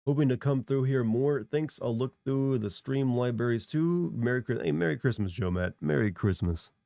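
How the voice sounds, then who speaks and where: A man's voice: medium pitch, normal speed, vocal fry, warm tone, no echo, studio quality. A congested man streaming, rambling casually as he answers chat. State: congested from a cold.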